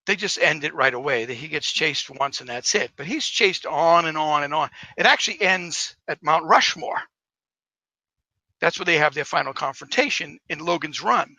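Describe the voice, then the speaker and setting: A man's voice: on the high side, expressive, moderate pace, pushed and bright, dry recording, low-quality recording. A man who is an author, guest in a casual interview, telling his story in a rambling, enthusiastic way.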